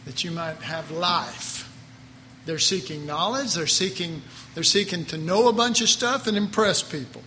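A man's voice: sits high, expressive, moderate pace, pushed and bright, long reverb tail, a little hiss or hum. A man preaching a Bible class in a folksy, conversational way, with chuckling asides. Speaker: Bible teacher. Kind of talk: sermon.

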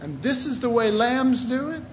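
A man preaching a sermon, reading scripture aloud and pressing his points with emphatic, sometimes shouted questions. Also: very high-pitched, big pitch swings, moderate pace, dull audio, a little hiss or hum. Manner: reads scripture aloud in King James wording.

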